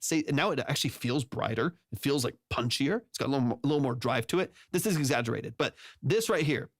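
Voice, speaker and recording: A man's voice: mid-range voice, animated, quick pace, creaky, dry recording. A man who produces music, talking loosely through a livestream tutorial into his studio vocal mic, full of fillers and restarts. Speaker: music producer giving mix feedback. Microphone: studio vocal mic through plugins.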